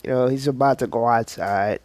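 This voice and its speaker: A man's voice: mid-range voice, a little fast, darkish tone, dry recording. A man casually narrating an improvised fan story, rambling and self-deprecating.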